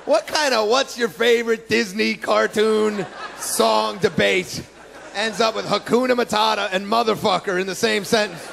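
A man's voice: high-pitched, steady tone, moderate pace, vocal fry, a bit bright. A man doing a brash, profane stand-up comedy set on a club stage, with mocking put-on voices. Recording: live club recording with crowd noise. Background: audience laughter and applause.

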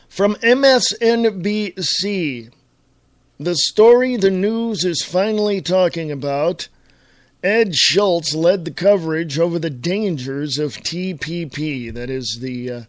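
A man hosting his own talk radio show, chatting in a rambling, casual way and clearing his throat often. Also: fairly high pitch, dry recording.

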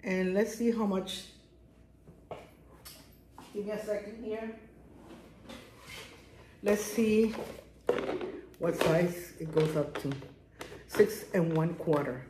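A woman's voice: medium pitch, slow, pauses often. Chatty middle-aged woman, echoey garage. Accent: strong non-native accent. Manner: chatty, rambling, enthusiastic. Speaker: jewelry vlogger. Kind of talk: casual haul vlog. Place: home garage workspace. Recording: echoey room, faint noise.

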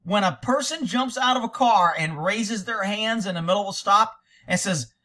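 Speaking at a moderate pace, a blunt, sarcastic man reacts to police footage from a cop's point of view. His voice is bright and forceful and a bit high for a man, and he swears freely while tearing into what he hears.

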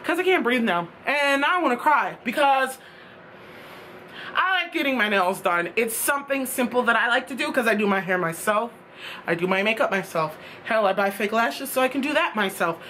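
A woman's voice: on the high side, animated, normal speed, sharp tone, slight background noise. A young woman telling a storytime tale in a casual, exasperated rant, swearing freely. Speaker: vlogger.

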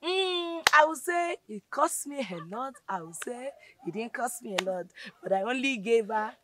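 A lively, dramatic Nigerian woman. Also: a little high, normal speed, no room sound. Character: scheming young Nigerian woman Chika. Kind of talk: film drama acting.

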